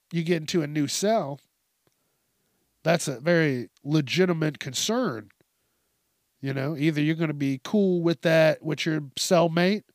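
A man's voice: fairly high pitch, creaky, no room sound, studio quality. A man hosting a casual news commentary show, swearing often, laughing and acting out quotes in exaggerated voices. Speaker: host.

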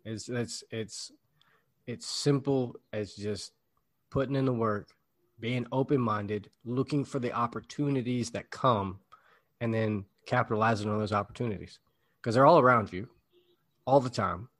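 A man's voice: medium pitch, moderate pace, fairly bright tone. A man co-hosting a casual podcast, speaking in an affirming, motivational way and often repeating words as he starts a sentence.

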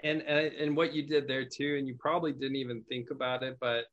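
A man who owns a call center, hosting a podcast and explaining phone sales in a relaxed, chatty way, often restarting his words. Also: medium pitch, fairly quick, lo-fi sound. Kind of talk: casual conversational podcast chat.

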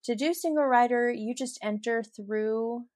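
A woman's voice: a little high, unhurried, a little mellow, no room sound, studio quality. A middle-aged woman hosting a solo podcast, chatty and giggly as she tells stories and laughs through them. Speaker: podcast host. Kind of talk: casual solo podcast storytelling.

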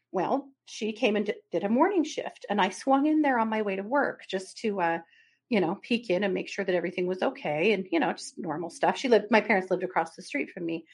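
A woman co-hosts a casual podcast chat and tells a family story at length. She laughs often and acts out what each person said. Her voice sits at an ordinary mid pitch. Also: normal speed, husky. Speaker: podcast co-host.

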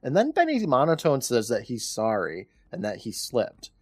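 A man's voice: medium pitch, huge pitch swings, moderate pace, breathy edge, no room sound, clean studio sound. A man co-hosting a podcast, casually retelling a TV episode scene by scene and quoting characters' lines as he goes. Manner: chatty retelling with quoted lines. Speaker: podcast co-host.

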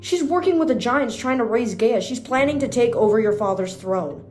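A woman's voice: on the high side, expressive, moderate pace, a little mellow, soft background music, voice pushed up, lightly acted. A woman voicing a determined teenage girl who speaks urgently.

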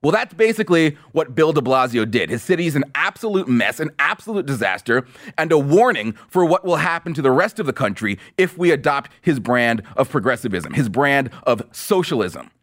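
A man hosting an opinion podcast, talking in a sarcastic, mocking and animated way. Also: mid-range voice, a little fast. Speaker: podcast host.

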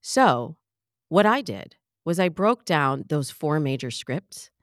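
A woman hosting a dating podcast as a dating coach, speaking in a bubbly, playful, expressive way. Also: low-pitched, slow, no echo, clean studio sound. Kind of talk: podcast monologue.

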